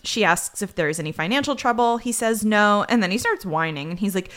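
A woman's voice: medium pitch, animated, fairly quick, few pauses, fairly bright tone. A woman co-hosting a podcast, casually recapping a TV episode with sarcastic asides. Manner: chatty, sarcastic asides while retelling the plot. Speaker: podcast co-host.

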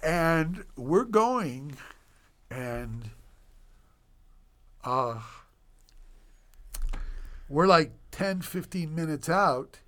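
A man in his sixties, a physician guest on a podcast, telling stories with animated delivery and sound effects. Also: a little high, extremely slow, pauses often. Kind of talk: podcast storytelling.

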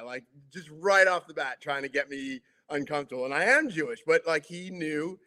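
A man's voice: fairly high pitch, lively intonation, moderate pace, sharp tone. A middle-aged man, a former sports broadcaster, talking casually as an interview guest, full of fillers and restarts. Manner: chatty, many fillers and restarts.

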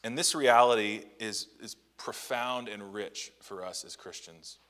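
A man's voice: fairly low pitch, measured pace, fairly bright tone, long reverb tail. A male pastor delivering a Sunday morning sermon. His tone is conversational rather than formal, peppered with rhetorical questions. He drops his pace on the key lines to let them land. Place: church sanctuary.

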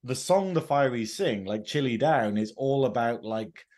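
A man's voice: mid-range voice, lively intonation, moderate pace, a little mellow. A male podcast co-host giving opinions in casual, chatty film talk, full of fillers and laughter.

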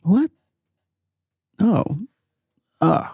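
A man's voice: high voice, big pitch swings, drawn-out words, vocal fry, a little mellow, breathy edge, dry recording, studio quality. A man narrating as game master of a tabletop game, chatty and loose with lots of fillers.

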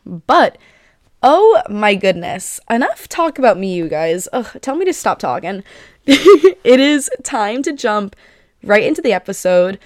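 Hosting her own casual-chat podcast, this bubbly twenty-something woman giggles a little, uses lots of fillers and seems slightly breathless. Her mid-range voice swings widely in pitch at an unhurried pace. The recording is dry and close-miked.

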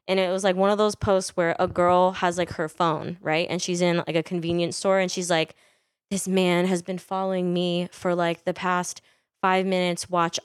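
A young woman from Northern California chats on a podcast in a blunt, profane way, laughing easily. Her voice sits low for a woman, smooth and clear. The sound is dry and close, with no room around it. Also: dry recording. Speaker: podcast guest. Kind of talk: casual podcast chat.

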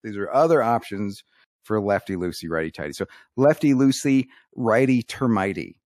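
A man co-hosting a podcast, telling one-liners deadpan and coaxing his co-hosts to laugh. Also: on the low side, normal speed, no echo, studio quality. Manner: deadpan joke delivery, coaxing laughs with "come on". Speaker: podcast co-host telling jokes. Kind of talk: casual podcast banter.

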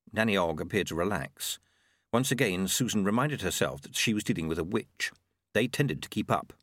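A man narrating a novel in expressive scripted storytelling. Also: deep voice, normal speed, no room sound, studio quality. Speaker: audiobook narrator.

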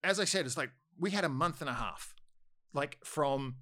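A man's voice: a little high, animated, normal speed, pushed and bright, no room sound, studio quality. A man with an Australian accent telling a long, rambling story, full of fillers. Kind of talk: casual chat anecdote.

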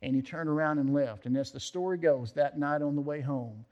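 A man's voice: a little high, fairly quick, highs cut off. A man preaching a sermon as pastor, telling stories with emphatic rises and drops and praying at the close. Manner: emphatic storytelling preacher, acts out quoted voices. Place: church.

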